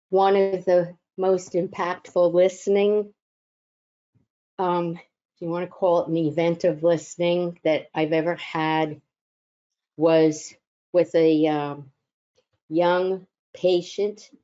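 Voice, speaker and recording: A woman who works as a chaplain, telling personal stories in a gentle, reflective way with thoughtful pauses. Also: on the low side, muffled recording. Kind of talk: personal storytelling talk.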